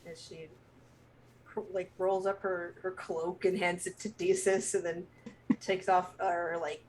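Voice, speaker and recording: Woman player, low voice, casual, faint hum in the room. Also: flat delivery, measured pace, darkish tone, low-quality recording. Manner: casual, describing her character's actions. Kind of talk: tabletop game play.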